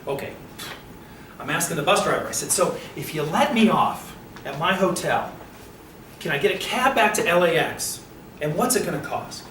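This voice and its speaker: A man's voice: high voice, fairly quick. Older guy giving a talk, acts out all the voices, echoey room, mic kinda far off. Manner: animated, acts out voices in his story. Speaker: motivational speaker. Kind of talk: storytelling speech. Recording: roomy, distant mic with faint noise.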